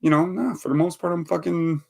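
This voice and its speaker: A man's voice: on the high side, a little fast, creaky, a little mellow. A man from the Chicago area hosting a livestream, telling a rambling, profane story that he often breaks up with laughter. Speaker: livestream host. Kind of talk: casual livestream chat.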